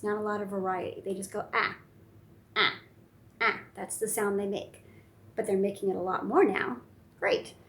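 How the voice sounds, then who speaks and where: A woman speech therapist giving casual tips to caregivers, relaxed and chatty with plenty of fillers. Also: medium pitch, slight background noise. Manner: relaxed, chatty, many fillers, demonstrates silly sounds. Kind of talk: casual instructional talk to camera.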